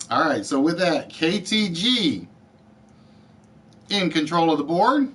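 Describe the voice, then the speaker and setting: A man hosting a live-streamed word game show, calling out letters and players' answers in a deliberate, friendly patter. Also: fairly high pitch, very animated, a bit bright. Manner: deliberate, spells out letters and addresses players by name.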